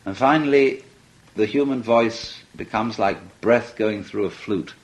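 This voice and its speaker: A man's voice: on the low side, a little slow, low-quality recording. A man giving a reflective lecture talk, musing and telling stories, often breaking into laughter. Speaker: speaker.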